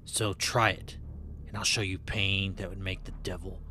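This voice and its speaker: A man voicing a brooding, menacing blind male vigilante who speaks low and quietly. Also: little pitch movement, moderate pace, a little hiss or hum.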